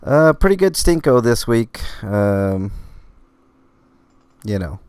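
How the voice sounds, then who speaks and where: A man's voice: mid-range voice, very animated, slow pace, a little mellow, clean tone, dry recording. A man hosting a casual live-streamed podcast, rambling with lots of fillers and hiccuping as he talks. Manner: rambling, filler-heavy, laid-back. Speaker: podcast host.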